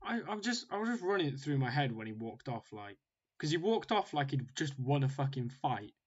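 An animated man tells a story in a loose, casual chat, swearing freely and getting louder as his outrage builds. The sound is a little dull and lo-fi. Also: mid-range voice, a little fast, breathy edge. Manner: swears constantly, animated, mimics others in rising outbursts.

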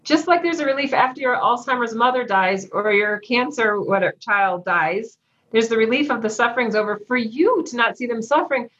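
A middle-aged woman speaking frankly in an interview, with a dark, wry humor. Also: fairly high pitch, a little fast. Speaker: guest. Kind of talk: candid interview talk. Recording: slightly dull lo-fi sound.

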